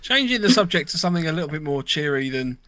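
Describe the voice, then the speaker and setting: A man's voice: fairly high pitch, sing-song, quick pace, a crowd in the background. A British man hosting a podcast, speaking earnestly and reading out chat comments. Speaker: podcast host.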